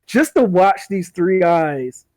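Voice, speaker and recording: A man talks casually on a podcast, his voice sitting a little higher than most. He rambles, repeats words as he goes and breaks into laughs. The sound is dry, close and free of room echo. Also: lively intonation, takes it slowly, a little mellow. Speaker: podcast host. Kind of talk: casual chat.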